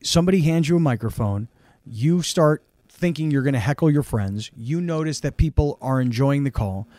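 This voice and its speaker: A man hosting a podcast interview lays out his guest's story back to him before asking a pointed question. His pitch sits in the middle for a man. The recording is dry and close. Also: animated, moderate pace, dark tone, no room sound. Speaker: podcast host. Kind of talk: interview host.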